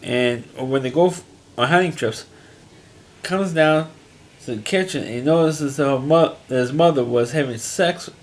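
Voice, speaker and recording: A man's voice: medium pitch, normal speed. Rambling man recapping a TV episode. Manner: rambling, frequent restarts and fillers, plain-spoken. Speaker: TV episode reviewer. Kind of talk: casual recap monologue.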